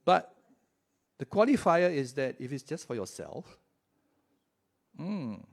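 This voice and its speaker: A man's voice: on the high side, very animated, takes it slowly, gravelly. A male pastor preaching a sermon in a church in a conversational way, often checking in with his listeners and drawing out key words for emphasis.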